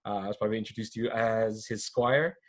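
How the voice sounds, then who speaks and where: A man's voice: fairly low pitch, fairly even intonation, fast. Rambling man running a tabletop game. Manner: rambling, full of fillers and restarts. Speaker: game master. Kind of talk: casual tabletop game narration.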